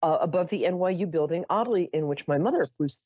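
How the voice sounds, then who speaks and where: A woman's voice: on the low side, expressive, fast talker, no room sound, dull audio. A woman hosting a psychic call-in show, telling a story in a chatty, theatrical way with self-mocking asides. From New York. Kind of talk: casual storytelling to callers.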